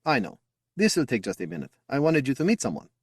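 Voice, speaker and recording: A man's voice: mid-range voice, big pitch swings, fast, breathy edge, no room sound, clean studio sound, voice pushed up. A man voicing an eager, boastful young man who talks proudly and affectionately about his little brother. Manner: upbeat, chatty and affectionate.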